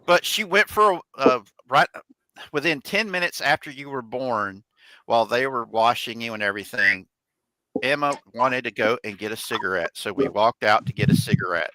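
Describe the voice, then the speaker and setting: A man tells a meandering family anecdote on a video call, restarting often. His mid-pitched voice is bright with a firm edge, and the sound is close and dry. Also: no echo, low-quality recording. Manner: rambling, halting anecdote teller. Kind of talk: casual storytelling.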